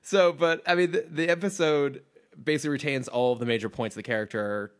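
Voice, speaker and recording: A man's voice: a little high, steady tone, fast. A man co-hosting a podcast in casual chat, talking enthusiastically and rambling with restarts and fillers. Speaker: podcast co-host.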